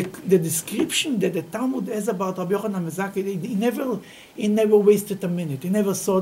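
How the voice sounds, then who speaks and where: A man teaching a Talmud class to students, telling stories in an animated way and laughing often. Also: high voice, poor audio. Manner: animated, laughing, Yiddish-sprinkled storytelling.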